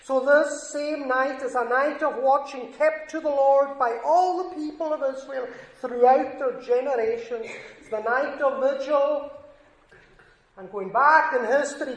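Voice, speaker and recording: High-voiced guy giving a slow earnest sermon, echoey hall sound. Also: lo-fi sound. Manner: earnest, emphatic, rising on scripture quotes. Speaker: preacher. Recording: echoey room.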